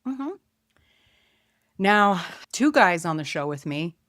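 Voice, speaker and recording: A woman hosting a film podcast in a chatty, wandering way, voice a touch low. She muses aloud, trails off and picks her thoughts back up. The sound is close and dry. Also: sing-song, slow, a bit bright, no room sound. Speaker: podcast host. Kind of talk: casual film review chat.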